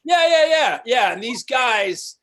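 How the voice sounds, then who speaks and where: A man's voice: very high voice, very animated, slow, sharp tone, heavily acted. A man playing an exasperated customer who rambles while trying to return a purchase, in an improvised comedy scene over a video call. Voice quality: rambling, flustered delivery.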